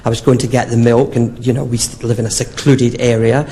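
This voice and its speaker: A man's voice: mid-range voice, flat delivery, brisk, mellow, slight background noise. A man doing a drag comedy act on a theatre stage, telling saucy stories in a camp, sing-song manner. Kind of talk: bawdy stand-up storytelling. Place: theatre stage, live show.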